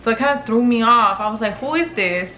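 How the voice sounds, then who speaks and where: Brief: young woman vlogger, chatty storyteller, bright forceful tone, roomy home echo. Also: on the high side, fast talker, dull audio, slight background noise. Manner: chatty, filler-heavy, swears casually, acts out quotes. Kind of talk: casual storytelling to camera. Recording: echoey room with faint ambience.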